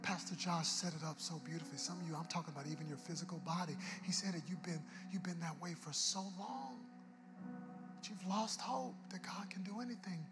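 A man preaching a sermon to a live congregation, dropping to hushed whispers and then rising to shouted, half-sung exhortation, sometimes acting out people in comic voices. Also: sits high, brisk, long reverb tail. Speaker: guest preacher. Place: church service with live congregation. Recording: music playing under the sermon.

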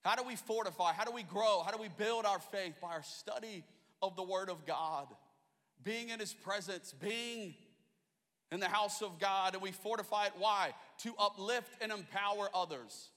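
Bright-voiced American pastor preaching. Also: male voice, sits high, normal speed. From Australia. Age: 30s. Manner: impassioned, rhythmic preaching that builds to shouts. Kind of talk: sermon. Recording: echoey large hall.

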